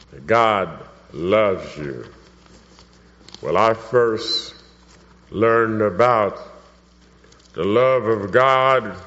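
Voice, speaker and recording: A male preacher delivers a fervent sermon and personal testimony, lingering slowly over each phrase before swelling into emphatic cries. His voice is caught with a dull, muffled tone and carries a long reverberation from the church hall around him. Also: on the low side, a bit bright.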